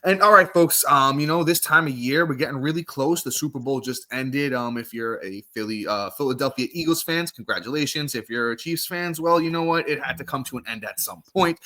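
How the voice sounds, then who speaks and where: A man hosting a sports podcast, reading the intro and ads in an energetic, hyped-up way. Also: mid-range voice. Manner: energetic, hyped, ad-read delivery. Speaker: podcast host. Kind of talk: upbeat podcast intro and chat.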